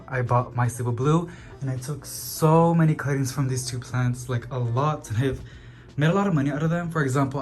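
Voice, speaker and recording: Fast, chatty man giving a plant tour. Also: medium pitch. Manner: chatty, talks fast, calls plants "girly". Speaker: plant channel host. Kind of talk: casual home tour vlog. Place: apartment full of houseplants.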